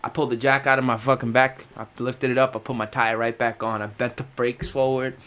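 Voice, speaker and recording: A young man from Queens, New York, co-hosts a casual, profane podcast, telling car stories in a smooth, medium-pitched voice at a fairly quick clip. He's animated, cursing freely and acting out the sounds and voices.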